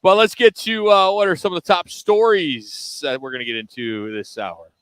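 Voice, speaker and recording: A man's voice: high-pitched, steady tone, moderate pace, noisy background. A man hosting a live sports radio show, chatting upbeat and loose with plenty of fillers. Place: broadcast from a restaurant.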